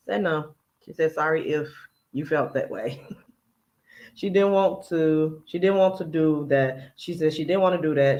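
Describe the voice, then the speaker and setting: His voice is a little high with a darkish tone, and he takes his time, though the recording quality is low. As host of a casual reaction commentary, he chats while quoting and breaking down another person's words.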